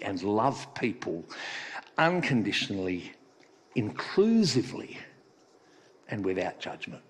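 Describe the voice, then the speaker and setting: A husky-voiced man delivers a sermon with lively, rising and falling pitch, easing into conversational storytelling. His voice rings out with the long reverb of a church hall. He sounds like a pastor chatting with his congregation. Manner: conversational storytelling with playful joke-telling.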